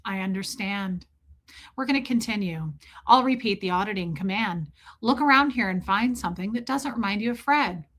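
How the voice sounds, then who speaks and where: Woman doing a cold male auditor, monotone, emotionless, repetitive, quiet. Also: mid-range voice, moderate pace. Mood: flat, unmoved. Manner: monotone, repeats commands without emotion.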